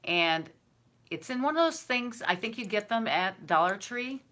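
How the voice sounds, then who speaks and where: A chatty woman with a bright, forceful voice shows off gifts from her viewers. She gushes over every little thing in a warm, effusive, casual way. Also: medium pitch, lively intonation, normal speed. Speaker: craft and decor vlogger.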